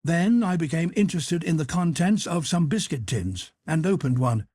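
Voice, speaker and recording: Guy reading an old novel, steady pace, kinda high voice, super dry mic. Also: moderate pace, no echo. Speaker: audiobook narrator. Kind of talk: scripted narration.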